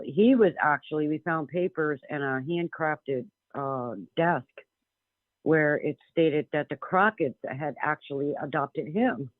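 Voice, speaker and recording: Male caller, rambling and sincere, slightly high voice, thin phone-line sound. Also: no echo. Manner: rambling, earnest, with many restarts. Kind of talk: casual storytelling on a talk radio show. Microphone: telephone.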